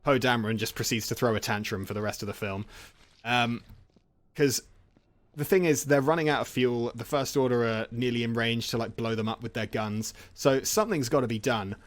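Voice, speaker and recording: A man's voice: medium pitch, a little fast. A man casually retelling film plots from memory while playing a game. He rambles, jokes and laughs often. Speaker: gaming channel host.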